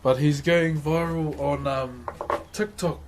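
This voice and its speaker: A man's voice: a little high, fairly even intonation, slow pace, noisy background. A man with a New Zealand accent chatting casually on a livestream while woodcarving, laid-back and laughing often as he greets his chat.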